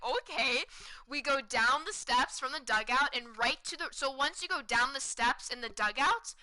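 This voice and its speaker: A woman in her twenties, a streamer, telling a story to her chat in an excited, chatty way, repeating words for emphasis. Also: high-pitched, low-quality recording. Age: 20s.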